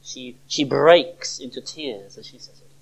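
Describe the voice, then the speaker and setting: A preacher giving a sermon to a church service, expressive, with dramatic pauses and rhetorical questions. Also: medium pitch, creaky, husky, poor audio.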